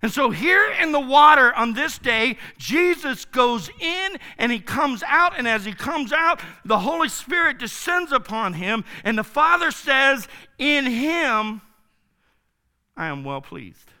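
A man preaching a sermon in a casual, enthusiastic, slangy way, swinging from loud to soft. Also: very high voice, expressive, measured pace, hardly any pauses. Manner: enthusiastic, informal, slangy, dramatic swings in loudness. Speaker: pastor.

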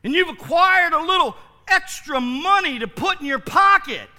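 Male pastor, sermon, high voice, very bright tone, emphatic rhetorical questions. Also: lively intonation, moderate pace.

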